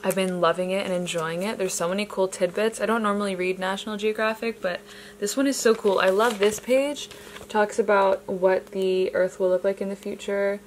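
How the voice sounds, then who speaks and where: A woman's voice: medium pitch, steady tone, a little fast, a little hiss or hum, low-quality recording. Bubbly young woman vlogging casually. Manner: bubbly, gushing, drifts into soft reflective talk. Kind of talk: casual vlog chat.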